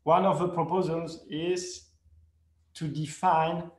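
A man giving a conference presentation in careful non-native English, hesitant and full of pauses and fillers, correcting himself as he goes. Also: fairly high pitch, little pitch movement. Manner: speaks English as a second language. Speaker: conference speaker. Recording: echoey room.

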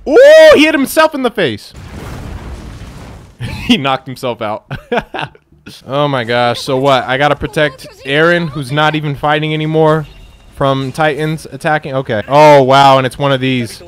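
A young man commentating his own gameplay, excitable and trash-talking, yelling at the game. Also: mid-range voice, a little slow, clean tone. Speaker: gameplay YouTuber. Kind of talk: let's play commentary.

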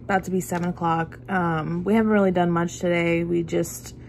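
A woman's voice: on the low side, level tone, fairly quick, vocal fry, darkish tone, a little hiss or hum. A young adult woman vlogging casually to her phone camera, confiding and chatty, with many fillers. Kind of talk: casual vlog talk to camera.

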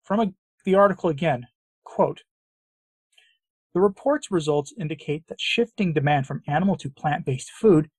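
A man's voice: a little high, moderate pace, pauses often, breathy edge, no room sound. A middle-aged man from the United States hosting a commentary show, reading news quotes and answering them with emphatic sarcasm. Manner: sarcastic, emphatic, with repeated phrases. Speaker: commentary channel host.

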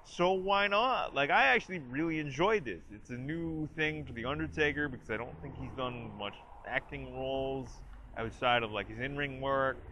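A man's voice: medium pitch, normal speed, bright, forceful tone, muffled recording, a little hiss or hum. A man casually reviewing a movie trailer, chatty and full of "like", retelling scenes with quoted lines. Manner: chatty, lots of "like" and restarts. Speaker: host of a review channel.

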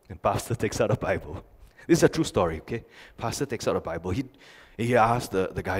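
A man's voice: fairly low pitch, expressive, fairly quick, slightly rough. A male pastor preaching a sermon, telling stories animatedly with emphatic repetition. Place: church sanctuary. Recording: long church reverb.

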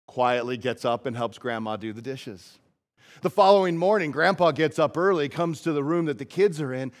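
Casual storytelling pastor, slightly high voice. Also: male voice, moderate pace. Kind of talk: sermon. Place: church.

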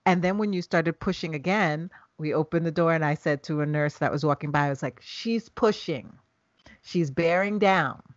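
Woman host, low voice, affirming, dry dull lo-fi recording. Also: fairly even intonation, fast, hardly any pauses, dry recording. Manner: supportive, affirming, fills in details. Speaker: podcast host. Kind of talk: conversational interview.

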